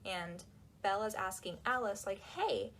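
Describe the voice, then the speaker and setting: A woman talking in a casual, animated and sarcastic way, with lots of "like"s, while she folds laundry. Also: mid-range voice, normal speed. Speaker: book reviewer. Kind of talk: casual chat.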